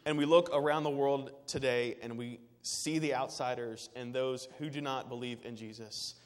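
A man's voice: mid-range voice, long reverb tail. A man preaching a sermon as pastor, earnest and emphatic, with repetitive phrasing.

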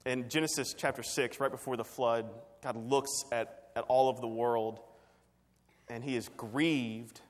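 A man's voice: mid-range voice, fairly even intonation, measured pace, long reverb tail. A man preaching a sermon, telling a personal story in a conversational way with fillers and restarts. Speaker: pastor.

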